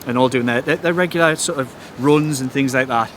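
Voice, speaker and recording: A young man, a football journalist and podcast host, chats excitedly and tells an animated story that keeps breaking into laughter. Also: medium pitch, brisk, a little hiss or hum. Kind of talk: excited casual chat. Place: outdoors at night abroad.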